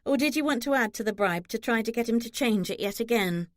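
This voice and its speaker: A woman's voice: a little high, lively intonation, quick pace, no echo, lightly acted. A woman voicing a shrewd middle-aged mother with a dry, muttering way of talking. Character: shrewd mother managing her old husband.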